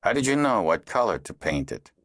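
A man voicing a patient, direct male dragonrider teacher who asks a child questions in a gently probing way. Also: fairly low pitch, very animated, fairly quick, dry recording, clean studio sound, voice pushed up. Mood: earnest.

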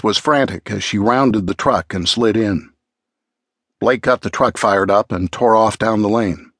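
A male narrator tells a disaster story in a measured, dramatic way. His voice is on the low side, with a husky edge. He is heard on a close, dry studio mic. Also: a bit bright, no echo. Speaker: audiobook narrator. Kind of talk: scripted narration.

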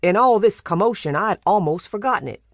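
A woman voicing a teasing, wry older gentleman who plays the uncle. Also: mid-range voice, expressive, fairly quick, no echo, clean studio sound, voice pushed up, natural voice.

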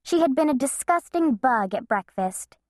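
Woman narrator, children's storybook, playful, higher voice, very lively. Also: normal speed, no echo, clean studio sound. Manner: expressive, playful. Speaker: audiobook narrator.

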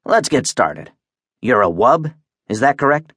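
A male narrator playing a gruff, impatient ship captain who speaks bluntly and gives orders. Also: mid-range voice, sing-song, a little slow, a bit bright, dry recording, clean studio sound, heavily acted. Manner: blunt, commanding.

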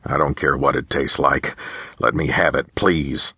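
A man's voice: extremely low pitch, steady tone, a little slow, gravelly, pushed and bright, slightly rough, no echo, clean studio sound, heavily acted. A man voicing a stubborn young male soldier who grumbles indignantly.

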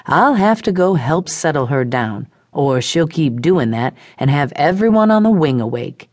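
Brief: woman narrator doing a calm, no-nonsense nurse, low voice, close dry read. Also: moderate pace, no room sound. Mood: brisk. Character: brisk hospital nurse, woman, unflappable.

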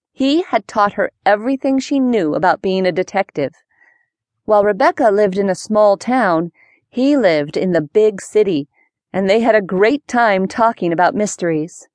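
A woman narrating a children's mystery audiobook in clear, even storytelling. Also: mid-range voice, moderate pace, dry recording.

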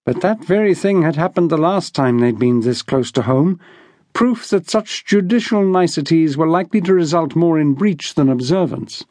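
A man reads an audiobook in a measured, even storytelling manner. His voice sits somewhat high for a man, and the recording is close and dry with no room sound. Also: no room sound. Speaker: audiobook narrator. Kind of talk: scripted audiobook narration.

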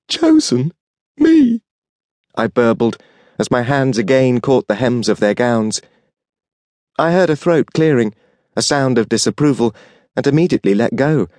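A man narrating a first-person audiobook, with an expressive, wry, emotive reading. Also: mid-range voice, no echo, clean studio sound.

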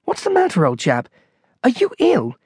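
Man playing a vague, muddled old gentleman. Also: extremely high pitch, huge pitch swings, normal speed, husky, no room sound, clean studio sound, voice pushed up, heavily acted. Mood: puzzled. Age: older. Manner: vague, uncertain, mild. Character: mild, muddled elderly man with weak eyesight.

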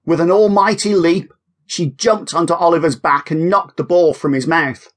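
A man narrating a children's audiobook in a lively, expressive way. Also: fairly high pitch, moderate pace.

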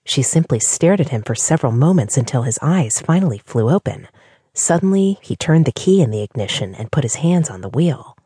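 A woman narrates an audiobook in an expressive storytelling manner. Her voice is breathy, with a lively, wide-ranging pitch, and the recording is close and dry. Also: a little fast, no echo.

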